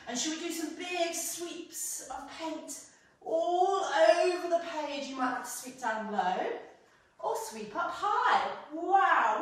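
A young British woman leads a children's pilates class in a high, bouncing, sing-song voice, cheering the little ones on. She sounds a little distant from the mic in a strongly echoing room. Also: fairly bright tone. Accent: British English. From England. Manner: sing-song, encouraging, playful. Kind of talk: guided kids' movement class.

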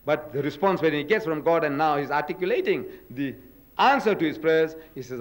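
An older man giving a religious lecture at a podium in a hall, dramatic, with booming quotes and rhetorical questions. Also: lively intonation, brisk.

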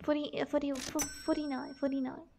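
Very high-voiced bubbly young woman streamer. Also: level tone, fairly quick, gravelly, warm tone, a little hiss or hum. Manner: bubbly, giggly, greets chat and reads numbers aloud. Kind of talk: casual live-stream chat while gaming.

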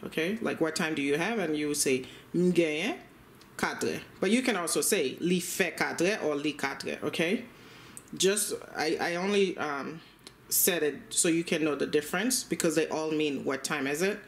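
Language teacher, middle pitch, patient and repetitive, checks in after every phrase. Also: normal speed. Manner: patient, repeats each phrase and checks in with "okay?". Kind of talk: spoken language lesson.

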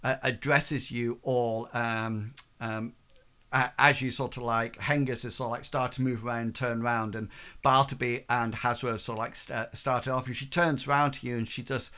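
A man's voice: medium pitch, fairly even intonation, sharp tone. A man narrating a tabletop game as game master, hesitant and full of fillers. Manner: slow, halting, full of ums and sort-of-likes.

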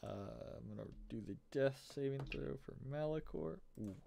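A man's voice: medium pitch, moderate pace, vocal fry, dark tone, a little hiss or hum. A man running a tabletop game as game master, casual and laid-back, swearing freely.

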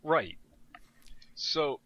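A young man telling stories in casual podcast chat, self-deprecating and animated. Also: drawn-out words, highs cut off. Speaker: podcast guest.

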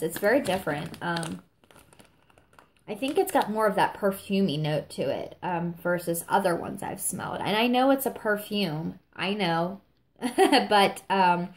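A woman's voice: mid-range voice, slight background noise. A woman reviewing products in a casual, gushing chat, a little sniffly, full of fillers. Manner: gushing, chatty, many fillers, addresses viewers as y'all. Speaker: vlogger reviewing scented products.

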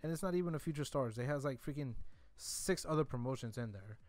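A young man chats through pack openings in a loose, rambling way, circling back to the same point and getting jokingly defensive. His voice sits at an ordinary pitch. The sound is close and dry, with no room around it. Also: lively intonation, quick pace, a little mellow, no echo. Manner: rambling, repeats himself, mock-defensive asides. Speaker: gaming YouTuber. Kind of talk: casual pack-opening commentary.

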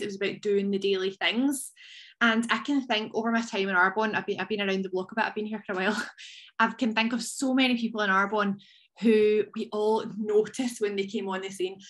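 A woman giving an energetic motivational talk on a video training call, chatty and playful. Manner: energetic, chatty, jumps into high playful voices. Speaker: team leader on a training call.

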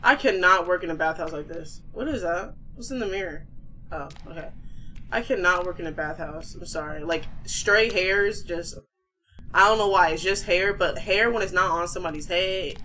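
A young woman hosting a horror game playthrough, chatting playfully with viewers and reacting loudly to scares. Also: lowish voice, a little fast, slight background noise. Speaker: gaming channel host. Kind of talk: horror game let's play commentary.

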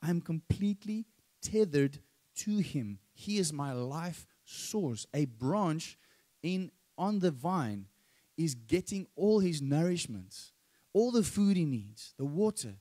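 A man's voice: on the high side, dark tone. A male pastor with a South African accent preaching a sermon, emphatic and rising on key phrases.

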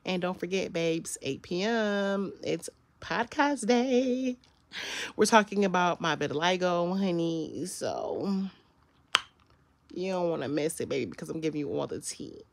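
A woman's voice: fairly low pitch, unhurried, creaky, no room sound. A young woman from Michigan vlogging in a casual, sassy way, calling her viewers girl and baby. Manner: animated sing-song story-time voice for a child. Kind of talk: casual vlog chat.

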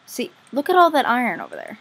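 A woman commenting casually on her own game play as a vlogger, chatty and easily excited, gushing over what she finds. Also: fairly high pitch, fast talker, slightly rough. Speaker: gaming vlogger.

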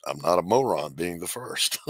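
A middle-aged podcast host cracks jokes in casual comedic chat, laughing and coughing through his own wisecracks. His voice is low-pitched, bright, and forceful, with no echo.

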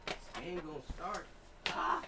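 A man's voice: fairly high pitch, unhurried, very noisy. A young man streaming a basketball video game live, talking loosely in slang to his teammates and his chat. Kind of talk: casual live game commentary.

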